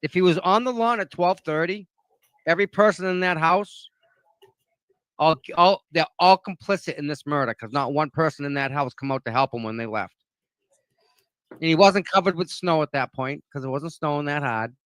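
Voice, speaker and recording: A man's voice: on the high side, normal speed, a bit bright, clean tone, no echo. A man with a Boston accent, co-hosting a casual chat and making blunt, emphatic points. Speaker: co-host.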